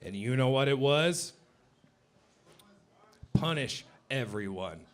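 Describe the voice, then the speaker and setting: A man doing stand-up comedy with mock-serious, deadpan preaching, on a club stage with a handheld mic. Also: medium pitch, takes it slowly.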